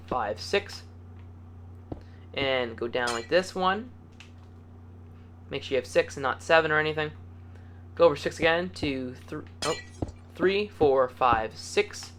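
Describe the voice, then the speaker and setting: Upbeat man hosting a casual building tutorial, counting blocks aloud; bright, keen voice with a faint hum behind. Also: fairly high pitch. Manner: upbeat and chatty, playful words, easygoing. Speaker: video game tutorial host.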